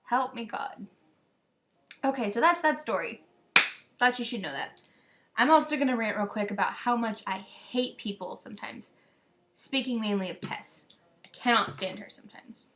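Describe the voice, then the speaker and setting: A woman's voice: on the high side, expressive, normal speed, fairly bright tone, slight background noise. A teenage girl talking into a webcam in a casual, rambling video message to a friend, gossiping and venting. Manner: rambling, gossipy, quotes others in exasperated voices.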